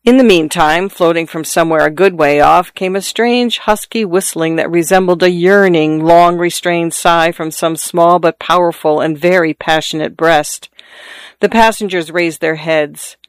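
Smooth, dry audiobook narrator. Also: medium pitch, steady tone, moderate pace, no echo. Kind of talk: audiobook narration of a classic story.

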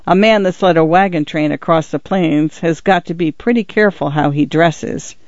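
A man's voice: fairly high pitch, no echo, muffled recording, close to an everyday voice. A man voicing a short-tempered rancher father who speaks curtly in a storybook reading. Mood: irritated. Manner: curt, quick to anger. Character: irritable middle-aged male rancher father.

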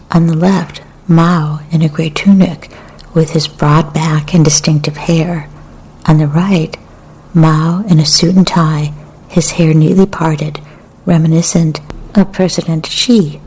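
A woman reading poetry and memoir aloud in a soft, often half-whispered, measured way. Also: sits low, steady tone, breathy edge. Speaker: literary reader.

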